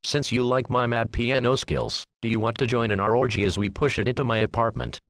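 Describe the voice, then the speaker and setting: A man narrating a comedic parody storybook in the first person, in a deadpan way full of crude jokes. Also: medium pitch, brisk, no echo.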